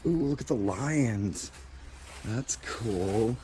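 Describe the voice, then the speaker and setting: An urban explorer vlogger on abandoned resort grounds outdoors narrates his walk-through casually into a handheld camera, rambling from one thing to the next and sounding nervous about being caught. His voice is middling in pitch and dark in tone, with lively intonation, and he speaks very slowly. There is slight background noise.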